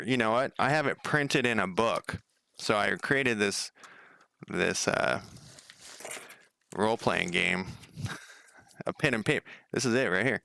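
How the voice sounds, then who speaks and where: A man's voice: deep voice, gravelly, pushed and bright, clear, resonant tone, no room sound. A man coding a game on a casual livestream, thinking aloud, rambling, swearing casually and chatting with viewers.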